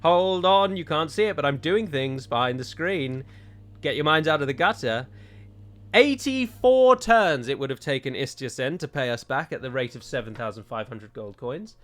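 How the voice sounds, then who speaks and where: Jokey gaming commentator. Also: male voice, medium pitch, lively intonation, moderate pace, a bit bright. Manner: chatty, self-mocking and jokey. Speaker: gaming YouTuber. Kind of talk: let's-play commentary.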